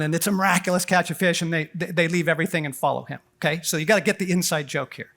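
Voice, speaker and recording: Man, middle-aged, high voice, animated storyteller, playful quote voices, conference talk. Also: brisk. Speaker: conference speaker. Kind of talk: lively sermon-style talk to a men's conference. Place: conference hall.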